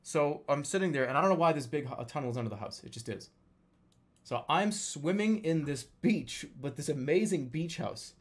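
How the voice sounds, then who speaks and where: Animated young man telling a wild story. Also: on the high side, moderate pace. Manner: animated, swearing a lot, acting out quoted lines loudly. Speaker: storyteller recounting a dream. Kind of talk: casual storytelling.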